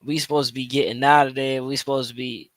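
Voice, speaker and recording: A man's voice: medium pitch, level tone, quick pace, a bit bright, dry recording. A man hosting a podcast, reacting to a played clip in casual, slangy commentary full of restarts and repetition. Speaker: podcast host.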